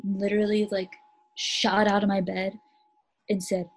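A woman co-hosting a podcast, telling a story in a lively, laughing way. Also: medium pitch, unhurried, a little hiss or hum. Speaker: podcast co-host. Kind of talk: casual chat.

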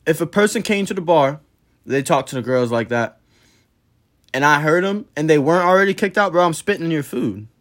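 Slightly high-voiced man venting on a podcast. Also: expressive, fairly quick, a bit bright. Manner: blunt, profane, heated retelling of a work dispute. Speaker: podcast host. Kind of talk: casual storytelling monologue.

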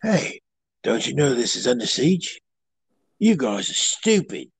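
A man putting on a loud, crude Cockney character with a blustering manner. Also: mid-range voice, big pitch swings, measured pace, gravelly, husky, no room sound, pitched below the performer's own voice, exaggerated voice. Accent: Cockney, put on.

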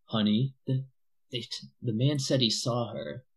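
A man's voice: medium pitch, fairly even intonation, measured pace, husky. Man voicing a worried village wife.

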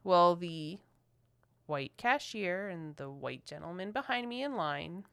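Smooth-voiced woman telling a podcast story. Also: fairly low pitch, measured pace. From Philadelphia. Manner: animated, quotes people in lively voices. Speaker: podcast co-host. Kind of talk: casual storytelling chat.

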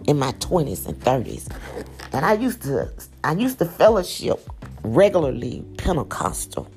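A middle-aged woman with a raspy morning voice, preaching a sermon with passion, dropping to whispers and rising to cries. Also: deep voice. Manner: impassioned preaching, swinging between hushed whispers and loud cries.

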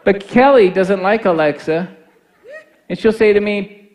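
A middle-aged male pastor with a notably high voice delivers a sermon. He starts with a relaxed, chatty story, then rises into passionate, rousing exhortation. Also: normal speed. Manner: storytelling, building to fervent shouted exhortation.

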